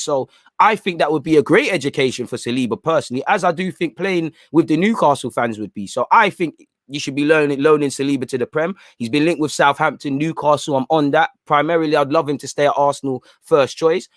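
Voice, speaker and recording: A man hosts a football livestream in loose, rambling chat full of slang. His pitch sits in an ordinary middle range. The sound is dry and close, with no room echo. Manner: rambling, slangy, peppers talk with "man" and "bro". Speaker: football channel host.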